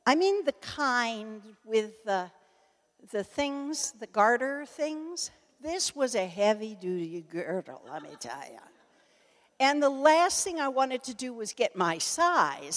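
An older woman telling humorous personal anecdotes to an audience, laughing and breaking off mid-sentence as she goes. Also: a little high. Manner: animated, laughing, self-interrupting. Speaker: storyteller speaking to an audience. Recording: echoey hall.

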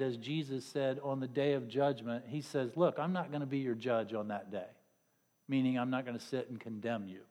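A middle-aged male preacher delivers a sermon live in a hall with a long echo. His voice is mid-range and darkish in tone, and he keeps things conversational, joking and tossing sarcastic asides to the congregation.

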